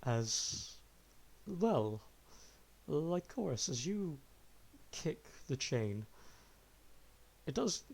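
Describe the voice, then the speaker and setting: A man narrating a tabletop game as game master, in a casual, descriptive way. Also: mid-range voice. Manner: casual, descriptive, laughs often.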